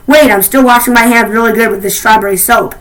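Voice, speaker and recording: A bratty little girl's whine, pitched high and stretched into slow, childish pleading, as a woman reads her lines aloud. She sounds easily frightened and stubborn, like a character from a children's storybook. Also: fairly even intonation, fairly bright tone, lightly acted, poor audio. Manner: whining, drawn-out childish pleading. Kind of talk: storybook reading.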